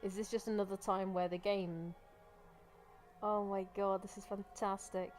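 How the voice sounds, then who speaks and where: A woman commenting chattily on a game during a live stream, wry and quick to swear and laugh at the game. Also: mid-range voice, flat delivery, a little mellow, faint music behind.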